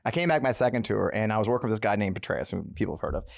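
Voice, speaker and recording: A middle-aged man hosting an interview, telling stories fast in a chatty way and laughing often. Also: fairly low pitch, expressive, vocal fry, no echo, studio quality. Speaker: podcast host. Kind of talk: casual interview chat.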